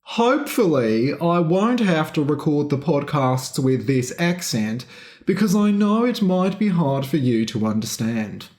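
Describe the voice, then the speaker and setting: A podcast host with an Australian accent, tired and low on energy, reading a story aloud slowly and clearly for English learners, then talking to listeners. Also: big pitch swings, darkish tone. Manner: slow, deliberate and carefully clear.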